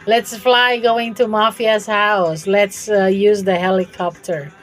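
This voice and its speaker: A woman streams a game from her room at home, chatting with viewers and laughing often during the live gameplay. Her mid-range voice is slow and level, with a fairly bright tone. The audio quality is poor.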